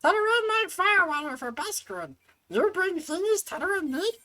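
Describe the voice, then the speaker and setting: Woman doing a gremlin shopkeeper, high squeaky voice, broken third-person speech, lively pitch, game character. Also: normal speed, full character voice, poor audio. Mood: eager. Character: small gremlin-like shopkeeper brewing firewater, grateful and simple.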